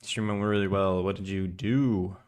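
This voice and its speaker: A young man chatting casually with viewers on a live stream, drowsy and relaxed in his early-morning voice. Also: low voice, normal speed, clean tone. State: just woken up, morning voice. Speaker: game developer streamer.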